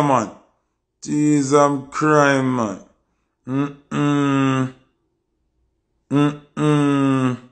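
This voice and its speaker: A man with a Jamaican accent reviews songs during a casual livestream, sounding boastful and emphatic as he repeats his points. His voice is fairly high-pitched and a bit bright.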